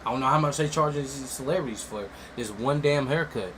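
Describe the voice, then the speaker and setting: A man rants in blunt, mocking commentary, jumping from loud outbursts to low mutters. His voice sits mid-range. A steady air conditioner hum runs clearly under the recording. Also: fairly quick. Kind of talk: casual ranting commentary.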